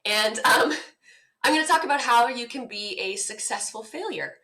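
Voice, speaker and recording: A woman's voice: fairly high pitch, expressive, moderate pace, pushed and bright. A woman as a guest in a casual interview, bubbly and enthusiastic, with a morning voice. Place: home.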